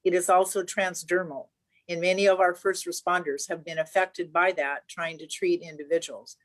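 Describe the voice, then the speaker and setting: A woman state senator giving earnest, measured remarks at a press conference, partly read from prepared notes. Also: fairly low pitch, steady tone.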